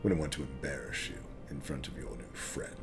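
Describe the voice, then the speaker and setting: A man putting on a sly male half-orc who lurks in a tavern corner and haggles with wry suspicion. The voice sits deep and a little lower than the man's own, with soft music faint behind it. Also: fairly even intonation, brisk. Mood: wry, bargaining.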